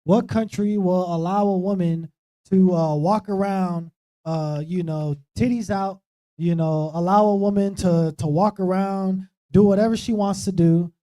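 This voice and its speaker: A man's voice: sits high, fairly even intonation, measured pace, dark tone. A man leading an informal Bible study, talking conversationally and often checking in with "right?". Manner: conversational, keeps asking "right?". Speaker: preacher. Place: streamed church talk show.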